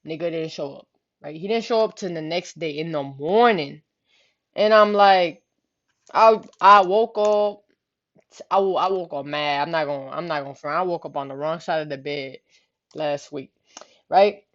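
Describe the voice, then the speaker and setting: A woman with a low voice tells a story at normal speed, rambling casually and loading it with slang, swearing, and plenty of "you know what I'm saying." The recording is lo-fi and slightly muffled.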